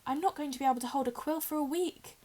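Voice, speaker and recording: A woman's voice: high voice, fast talker, darkish tone, voice pushed up, close to an everyday voice. A woman voicing an indignant young boy wizard grumbling about a bitten hand.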